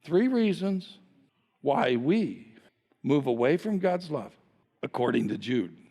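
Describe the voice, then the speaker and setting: Male pastor mid-sermon, high and animated, teasing rhetorical questions, long reverb of a large hall. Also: slow.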